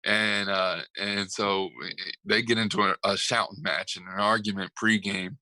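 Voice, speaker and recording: Bright-voiced, rambling man chatting sports. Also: lowish voice, flat delivery, moderate pace, dry recording, rough recording. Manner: rambling, laughing storyteller with many fillers. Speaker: sports podcast co-host. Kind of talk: casual sports chat.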